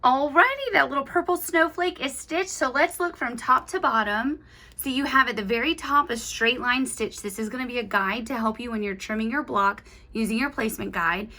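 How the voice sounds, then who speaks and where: A bubbly young woman demonstrating a craft step by step, chatty and full of delight. Her voice sits a little higher than most. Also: normal speed, bright, forceful tone. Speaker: embroidery tutorial host.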